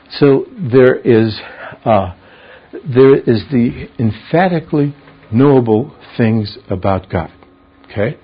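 A man's voice: mid-range voice, breathy edge. A man teaching a verse-by-verse Bible study. He explains the meanings of words and puts questions to his class. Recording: dull lo-fi recording.

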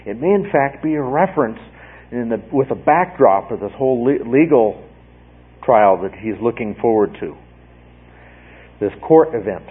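A man's voice: medium pitch, animated, moderate pace, pauses often, breathy edge. A man teaching verse by verse through a Bible passage, talking in a conversational way, repeating words and often checking in with "okay?". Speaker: preacher teaching a Bible study. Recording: tinny phone-like radio broadcast.

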